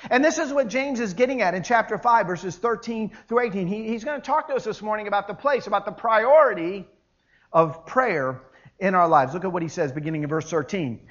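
Male pastor, sermon, high voice, emphatic, playful asides, dull lo-fi sound. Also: expressive, moderate pace, fairly bright tone.

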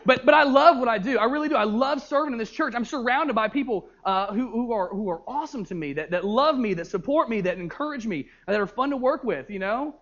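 Preaching quickly and barely pausing, a young youth pastor tells stories with lively energy, often stumbling on repeated words. His voice sits high for a man, and the sound quality is dull and lo-fi.

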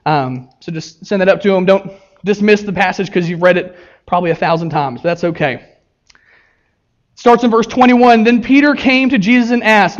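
High-voiced preaching man, lo-fi. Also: normal speed. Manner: earnest preaching with childhood story and scripture reading. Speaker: pastor. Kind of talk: sermon.

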